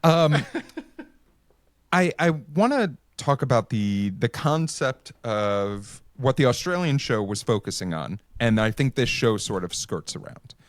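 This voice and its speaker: A man's voice: medium pitch, animated, dry recording. A man co-hosting a podcast, talking casually and stumbling over his starts. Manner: halting, restarts often. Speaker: podcast co-host.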